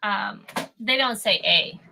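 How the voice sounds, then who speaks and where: A woman from Canada, a guest in a casual chat, animated and laughing, with hesitant starts. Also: medium pitch, slow, gravelly, slight background noise.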